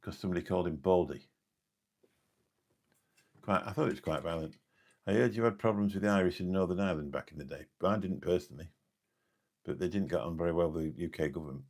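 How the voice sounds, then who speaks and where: Gravelly deep-voiced English man rambling. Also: fast, pauses often, a little mellow. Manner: rambling, forgetful, chatty, answers viewer comments. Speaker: live streamer and taxi driver. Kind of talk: late-night live stream chat with viewers.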